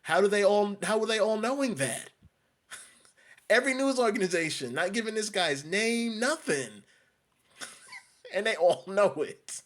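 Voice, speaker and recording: A man's voice: high voice, animated, a little slow, pauses often, a bit bright. A man from New York delivering an emphatic ranting monologue, repeating and restarting phrases. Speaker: commentator.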